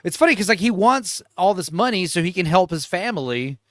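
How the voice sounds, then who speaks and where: A man's voice: sits high, animated, fairly quick, fairly bright tone, dry recording, studio quality. A man casually discussing a movie with a friend, animatedly retelling scenes and acting out the characters. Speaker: podcast co-host.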